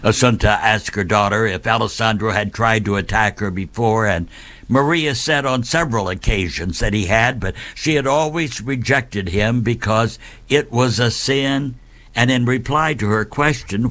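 A man narrating a saint's life story in a measured, deliberate way, with dramatic pauses. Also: lowish voice, a bit bright.

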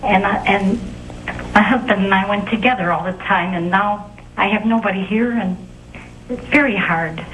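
A woman calling in to a religious show, emotional and halting, often repeating her words. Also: medium pitch, a bit bright, slight background noise, poor audio. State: emotional, close to tears. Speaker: caller.

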